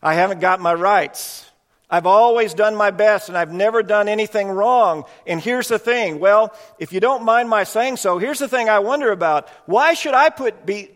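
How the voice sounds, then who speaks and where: A man's voice: high voice, a bit bright, pitched above the performer's own voice. A man voicing an indignant, self-righteous male ghost who insists on his rights and keeps tagging "see?" onto his lines. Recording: long reverb in a hall.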